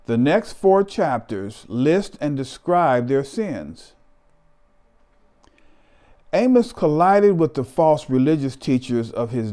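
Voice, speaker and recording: A man gives a Bible study lesson in a slow, unhurried delivery. His tone is mellow and dark, and his pitch sits in a middle range. He reads in a measured way and lets his voice fall away on each scripture reference. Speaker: Bible teacher.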